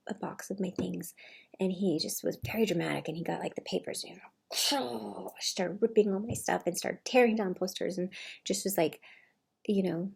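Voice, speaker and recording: A woman in a casual personal monologue who rambles, with many fillers and restarts, often slipping into a soft, breathy near-whisper. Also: mid-range voice. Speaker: vlogger.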